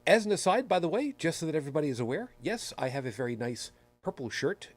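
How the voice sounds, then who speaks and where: A man hosting a podcast, chatting casually and telling rambling, self-deprecating stories. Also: medium pitch. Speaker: podcast host. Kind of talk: casual chat.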